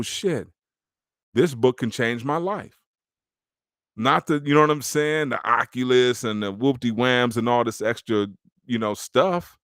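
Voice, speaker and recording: A man's voice: mid-range voice, no room sound, studio quality. A man hosting a podcast, giving a casual, streetwise motivational talk about faith. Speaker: podcast host.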